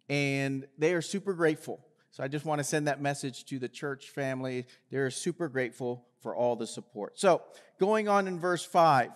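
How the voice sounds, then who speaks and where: High-voiced male preacher in a reverberant hall. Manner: earnest, reads scripture aloud with rising force. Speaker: pastor. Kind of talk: sermon. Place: church sanctuary. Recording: long reverb of a large hall.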